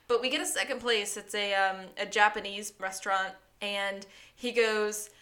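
A woman's voice: medium pitch, moderate pace. A woman co-hosting a podcast, chatting casually as she recaps a TV episode and laughing often. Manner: chatty and animated, laughs often, acts out quotes. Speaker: podcast co-host.

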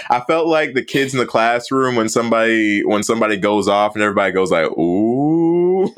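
A man's voice: fairly low pitch, steady tone, a little fast, a bit bright, clean tone, no echo, studio quality. A man in casual movie review chat, easygoing and agreeable, laughing along.

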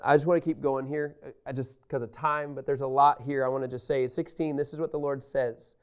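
A man teaching a Bible lesson, reading scripture aloud and explaining it in an emphatic, animated way that speaks straight to his listeners. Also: mid-range voice, a little fast, clear, resonant tone.

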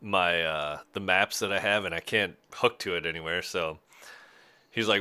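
A man's voice: sits low, fairly even intonation, normal speed, bright, forceful tone, clean tone. A man hosting a podcast, telling stories in a rambling, laid-back way. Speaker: podcast host. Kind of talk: casual storytelling chat.

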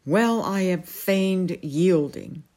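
A woman voicing a blustering, stubborn old knight in a storybook reading, gruff and obstinate. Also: on the low side, animated, slow pace, darkish tone.

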